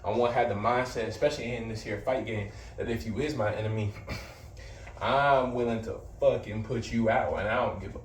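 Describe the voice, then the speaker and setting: A man's voice: fairly low pitch, steady tone, moderate pace, distant mic. A man in casual vlog talk, blunt and slangy, swearing and boastful, a little out of breath. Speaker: vlogger. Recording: roomy sound from off the mic with faint background noise.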